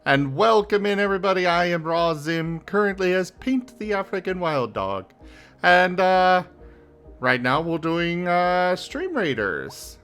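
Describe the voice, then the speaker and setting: A young man hosts a live game stream in a high, bright voice that swings widely in pitch. He talks slowly and casually, dropping fillers and laughing often, with faint music playing behind him. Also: lively intonation, clean tone. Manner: chatty, laughing, trails off with fillers. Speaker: streamer host.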